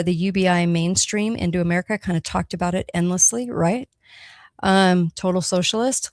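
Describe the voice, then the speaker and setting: A woman with a lowish voice hosts a talk radio show on her own. She talks emphatically and conversationally and keeps checking in with her listeners. The sound is dry and close, with no room around it. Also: no echo. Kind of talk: solo talk radio monologue.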